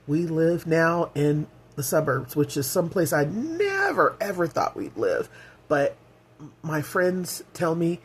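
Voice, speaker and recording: A woman's voice: deep voice, big pitch swings, a little slow, slight background noise. A middle-aged woman vlogging in a candid, heartfelt way, rambling with fillers as she talks. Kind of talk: casual personal vlog.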